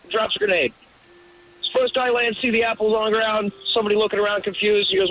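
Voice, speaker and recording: A man's voice: sits high, a little fast, a bit bright, rough recording. A man calling in to a radio show, telling a long rambling joke. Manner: rambling storyteller. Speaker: caller.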